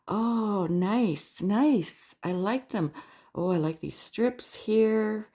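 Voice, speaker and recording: A woman from Canada talking casually as a crochet vlogger, gushing and excitable as she opens mail. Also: medium pitch, slow. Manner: gushing, excitable, frequent squeals and laughs. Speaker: crochet YouTuber. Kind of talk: casual unboxing vlog.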